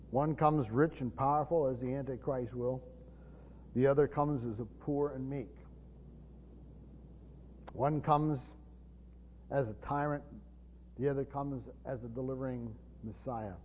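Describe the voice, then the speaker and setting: A man preaching an unscripted Bible teaching in a church hall, halting and repeating words with many fillers. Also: mid-range voice, slight background noise. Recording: long reverb, dull lo-fi sound.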